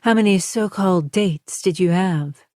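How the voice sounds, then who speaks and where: A woman's voice: lowish voice, unhurried, warm tone, dry recording, studio quality, lightly acted. A woman narrator voicing a female undercover agent who talks firmly and defiantly. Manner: firm, defiant.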